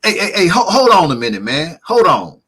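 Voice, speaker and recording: Anxious driver on a call, pitched high and hurried, as a man impersonates him. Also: sing-song, pushed and bright, slightly rough, exaggerated voice. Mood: nervous. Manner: hurried, nervous, keeps saying "man". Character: jittery adult man on the phone while driving.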